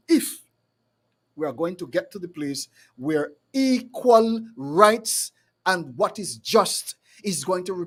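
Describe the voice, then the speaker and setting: A fiery man hosts a live talk show. His voice sits high for a man, and he rants hard, often stumbling and repeating words as he pushes his point. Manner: fiery, repetitive, stumbling restarts. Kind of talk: impassioned call-in commentary.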